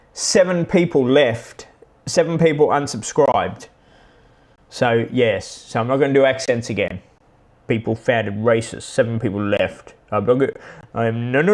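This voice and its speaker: A man, hosting a live stream and chatting casually with viewers in a rambling, halting way. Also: medium pitch, animated. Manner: rambling, halting, with many restarts. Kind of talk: casual chat answering viewers.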